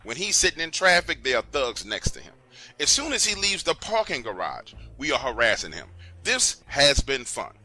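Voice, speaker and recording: A cocky friend brags about his schemes with amused swagger, as a storyteller plays him. The voice is bright and animated. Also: mid-range voice, normal speed, full character voice. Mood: gleeful. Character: cocky, mischievous male friend.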